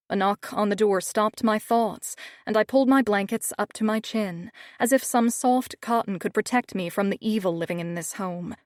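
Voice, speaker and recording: A woman narrating a first-person audiobook with steady, measured storytelling. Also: mid-range voice, dry recording, clean studio sound.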